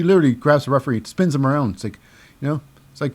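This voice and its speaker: A man's voice: on the high side, fast, a little mellow. Rambling man recapping wrestling. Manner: rambling, many fillers and name mix-ups. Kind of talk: casual solo show recap.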